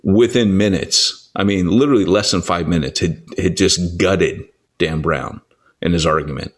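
A low-voiced man, a church planting author, teaching in a relaxed conversational way. He tells stories with lively energy, slips into quick acted-out voices and restarts his sentences often. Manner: animated storyteller, acts out quoted voices, frequent restarts.

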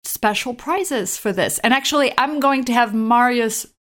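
A woman with a voice a little above the usual female pitch, hosting a podcast. She talks in a casual way, often chiming in with agreement and keeping the conversation moving along. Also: normal speed, a bit bright. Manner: friendly, with frequent affirming "yeah"s and light laughs. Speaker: podcast host.

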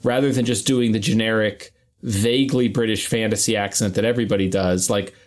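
A man's voice: fairly low pitch, fairly even intonation, a little fast. A man co-hosting a podcast in casual chat, hedging with many "you know"s and dropping wry, dry asides. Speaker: podcast co-host.

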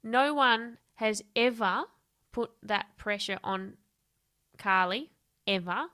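Woman, bright tense voice, frank storyteller, casual interview guest. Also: medium pitch, takes it slowly. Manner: lively, candid storyteller who swears freely and laughs often. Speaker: podcast guest, coach and speaker.

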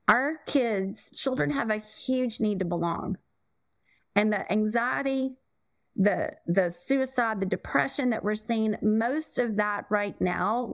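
A woman's voice: mid-range voice, no echo. A woman guest in a podcast interview, talking earnestly and with emphasis, sometimes repeating her words. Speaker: podcast guest, parenting coach. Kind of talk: conversational interview.

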